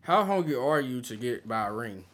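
A man's voice: medium pitch, big pitch swings, normal speed, fairly bright tone. A man co-hosting a casual sports podcast, slangy and arguing his point. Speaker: podcast co-host.

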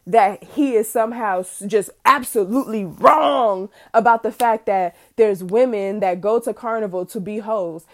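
A woman's voice: mid-range voice, moderate pace, hardly any pauses. A young woman hosting a podcast, ranting bluntly and animatedly about cancel culture with profanity and mocking asides. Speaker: podcast host. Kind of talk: casual opinion monologue.

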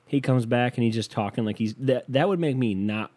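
A man's voice: medium pitch, a little fast, darkish tone. A man from the United States doing a solo comedic rant, profane, rambling and self-mocking.

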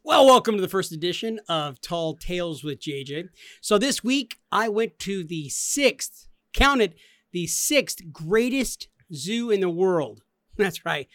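Male podcast co-host, thirties, high and bright, lively storyteller voice, dry sound. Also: slow, no room sound. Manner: animated, laughing, acts out quotes. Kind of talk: casual storytelling.

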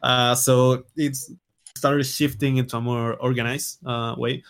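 A man, a game developer, explaining his coding work slowly and haltingly in a casual interview. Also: mid-range voice, flat delivery, a bit bright.

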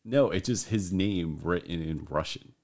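Casting: deep-voiced male podcast co-host, loose and jokey, curses casually. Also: measured pace, a crowd in the background. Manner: jokey, swears freely, laughs often.

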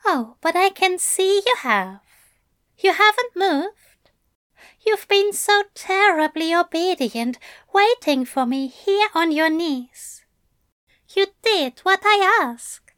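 A woman voicing a soft-spoken, doting male angel who is fussy and controlling, in a gentle, coaxing and prim manner. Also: very high voice, lively intonation, slow, dry recording, studio quality, voice pushed up, heavily acted. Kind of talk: audiobook character voice.

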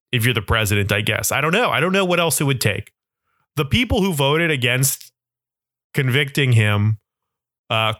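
A man's voice: mid-range voice, sharp tone, no echo, studio quality. A man in a casual, profane political rant, sarcastic and often laughing.

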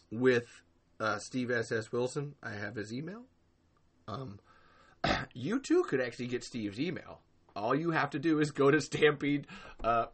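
A man hosting a podcast, ranting in casual chat, swearing a lot and acting out other people's words in loud bursts. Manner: profane, ranting, acts out quoted people in loud high bursts. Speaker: podcast host.

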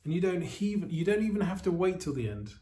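A man preaching a sermon as pastor of an online church service, earnest and steady, with reflective pauses. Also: high voice.

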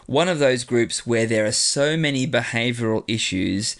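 A man's voice: medium pitch, normal speed. A man hosting a teaching podcast, chatting casually, reading out stories and laughing often. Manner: laughs often, lively storytelling.

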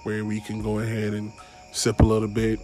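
Young male podcast host, low flat delivery, rambling, cursing, faint music underneath. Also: a little fast. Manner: rambling, stumbling over words, swearing. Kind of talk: casual solo podcast monologue.

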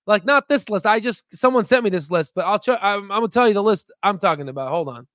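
Male investing host with a higher-than-usual pitch, dry sound; emphatic, rambling, self-promoting commentary. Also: lively intonation, fast talker, hardly any pauses, fairly bright tone, no echo. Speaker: stock market video host. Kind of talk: casual screen-share commentary.

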